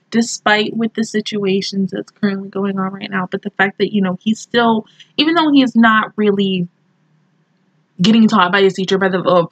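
A woman's voice: medium pitch, no room sound, dull audio. A young woman hosting an anime reaction review, talking casually and emotionally with many fillers.

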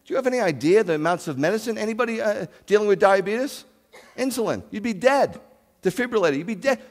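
Animated man preaching in an echoing hall. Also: sits high, fast. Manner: animated, rhetorical questions, loud scripture reading. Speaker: rabbi. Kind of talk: sermon. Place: congregation sanctuary.

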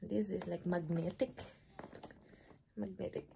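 Unboxing a gift at home, a young vlogger talks in a lowish, steady, fry-laden voice, slow and relaxed. Giddy and gushing, she giggles and sinks into whispers of awe, while noticeable background noise fills the home recording.

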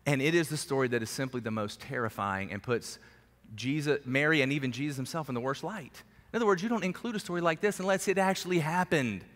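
A man preaching a sermon in a conversational, animated storytelling way, with sudden drops to a hushed voice. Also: on the high side, quick pace. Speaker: pastor. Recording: echoey hall reverb.

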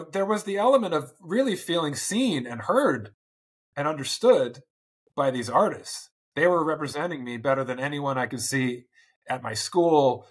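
A man in his forties, a podcast guest, talking thoughtfully and earnestly with frequent restarts. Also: medium pitch. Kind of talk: reflective interview talk.

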